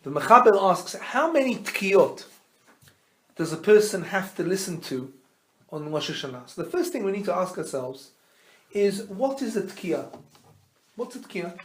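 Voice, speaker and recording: A man, a rabbi, teaching a Torah class as an animated storyteller who quizzes his listeners and mixes Hebrew terms into his teaching. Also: sits high, a little slow, long pauses. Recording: roomy echo.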